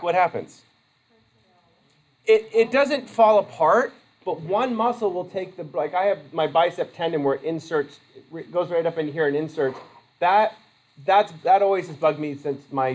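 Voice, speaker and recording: At normal speed and with a slightly high voice, this male college instructor delivers a casual lecture that rambles, chatty and full of self-interruptions mid-sentence. It's a rough recording.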